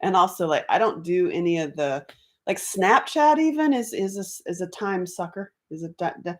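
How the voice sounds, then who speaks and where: A woman's voice: lowish voice, expressive, normal speed. A woman chatting on a casual livestream, laughing often, greeting viewers by name and jumping from topic to topic. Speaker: livestream host.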